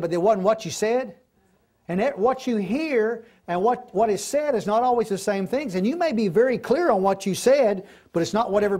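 A man's voice: high-pitched, darkish tone. Middle-aged guy teaching bible class, folksy and chatty, keeps asking the room questions. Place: classroom or church hall. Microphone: recorded class.

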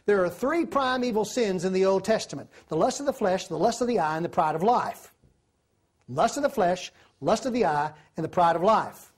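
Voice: mid-range voice, expressive, moderate pace. A preacher, giving a sermon, telling stories and asking the listeners questions. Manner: storytelling, asks the listeners questions.

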